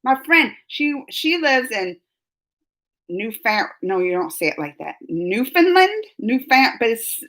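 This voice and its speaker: A woman's voice: high-pitched, sing-song, fairly quick, a bit bright, rough recording. A woman hosting a casual live chat with viewers, rambling and laughing as she answers their comments. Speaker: live-stream host.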